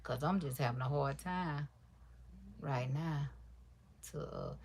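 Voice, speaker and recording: A woman chatting casually to her livestream viewers while sewing, deliberately keeping her voice quiet and soft, calling them y'all and baby. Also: husky. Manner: talks low and soft on purpose. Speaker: livestream crafter.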